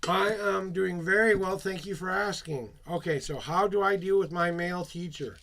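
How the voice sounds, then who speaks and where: A man's voice: high voice, normal speed, creaky, fairly bright tone. A man reading tarot on a live stream, chatty, rambling and upbeat as he talks to his viewers.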